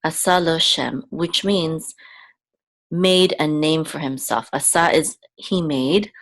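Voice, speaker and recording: Slow, low-voiced woman teaching Hebrew. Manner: patient, repeats each word several times; adds frequent "okay?" checks. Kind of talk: slow step-by-step language lesson.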